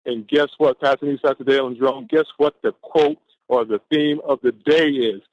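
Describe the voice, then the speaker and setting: A man's voice: mid-range voice, slight background noise. Exuberant man on a call. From Atlanta, Georgia, USA. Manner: exuberant, preacher-like, stretches key words slowly. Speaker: caller on a team conference call. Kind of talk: motivational pep talk with quotes. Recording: dull lo-fi conference call audio.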